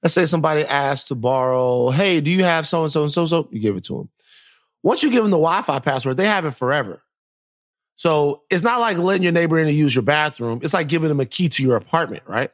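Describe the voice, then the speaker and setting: Animated man telling a story. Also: fast, no room sound, studio quality. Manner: animated storyteller, rises high when exasperated. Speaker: podcast co-host. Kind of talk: casual chat, storytelling.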